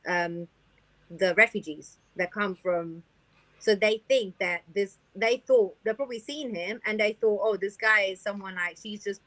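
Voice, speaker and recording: A woman's voice: mid-range voice, unhurried, dry recording. A young woman from Italy, a guest singer, telling stories in a casual podcast chat and acting out what people said. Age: young adult. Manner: animated storytelling, acting out quoted people.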